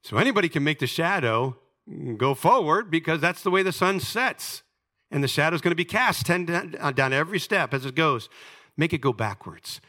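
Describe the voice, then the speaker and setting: A male preacher telling a Bible story in a sermon, dramatic, swinging between loud emphasis and hushed asides. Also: a little high, animated, moderate pace.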